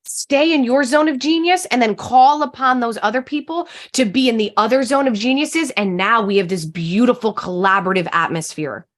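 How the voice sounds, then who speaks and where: Passionate woman coach, fairly high voice. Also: normal speed, hardly any pauses. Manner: passionate, emphatic. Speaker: guest, communication coach. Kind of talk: interview conversation.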